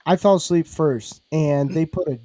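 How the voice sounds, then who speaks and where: High-voiced man hosting crude banter. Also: normal speed, no echo. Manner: crude, teasing banter with loud laughs. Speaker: podcast host. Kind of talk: casual chat.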